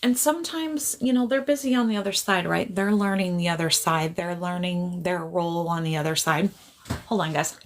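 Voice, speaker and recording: Woman, psychic medium, casual livestream chat, gravelly voice, apologetic, laughs a lot. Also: fairly low pitch, moderate pace. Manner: laughs often, keeps apologizing, easily sidetracked. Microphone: camera on a tripod.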